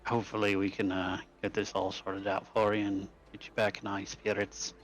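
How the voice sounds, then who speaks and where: Low-voiced man playing a game. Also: completely flat delivery, moderate pace, faint music behind. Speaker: player. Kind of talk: in-character tabletop play.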